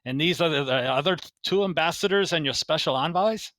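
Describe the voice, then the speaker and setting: A brisk, fussy little quartermaster, voiced by a man who says "ye" in a chipper, raised voice. The tone is bright and the sound dry. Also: a little high, no echo, voice pushed up, lightly acted.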